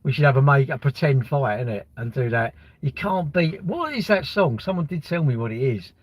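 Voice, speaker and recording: Husky man rambling on a live stream. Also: medium pitch, lively intonation, brisk, no echo. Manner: rambling, blunt banter with swearing, answers chat comments. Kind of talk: casual live-stream chat.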